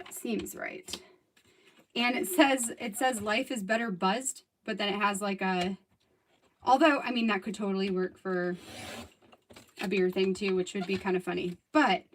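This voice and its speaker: A woman's voice: mid-range voice, slight background noise. A woman in her thirties chatting casually while crafting on a livestream, rambling and laughing often. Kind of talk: casual live crafting chat.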